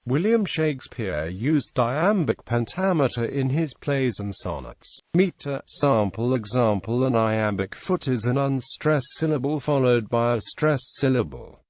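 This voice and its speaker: Synthetic male narrator with lively intonation. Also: mid-range voice, measured pace, hardly any pauses, no echo. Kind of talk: synthetic narration of an encyclopedia article.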